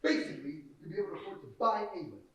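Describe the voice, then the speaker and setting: A young actor on stage playing a slick, fast-talking male Hollywood producer with a glib, salesy manner, heard from far off in an echoey theater. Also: high voice, sing-song, fairly bright tone. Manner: glib, salesy, wheedling and brash. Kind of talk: stage play. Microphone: far room mic.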